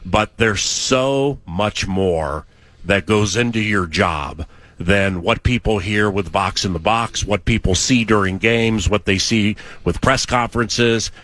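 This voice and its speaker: A man's voice: fairly low pitch, slow, a bit bright, no room sound. A man hosting a sports radio interview, asking chatty, enthusiastic questions.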